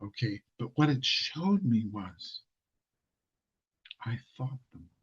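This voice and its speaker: A man's voice: medium pitch, sing-song, takes it slowly, slightly rough, highs cut off. A man giving an informal, conversational sermon, often correcting himself mid-sentence and laughing at his own asides. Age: older. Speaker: preacher.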